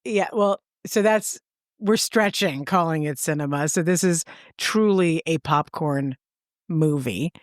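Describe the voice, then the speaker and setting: A podcast co-host with a low, unhurried voice chats casually, telling stories full of laughter and acting out what people said. The studio-quality recording has no echo.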